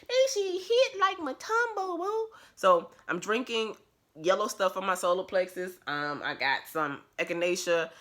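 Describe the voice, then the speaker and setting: A woman's voice: on the low side, bright, forceful tone. A woman talking to her phone camera at home in a casual vlog, blunt, profane and emphatic, laughing often. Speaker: vlogger.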